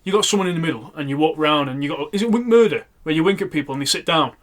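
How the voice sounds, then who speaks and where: A young man, co-hosting a podcast and telling funny stories in a loose, animated way, laughing and acting out quotes. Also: a little high, rapid-fire. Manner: animated, laughing storyteller with loud acted-out quotes. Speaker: podcast co-host. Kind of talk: casual comedic storytelling.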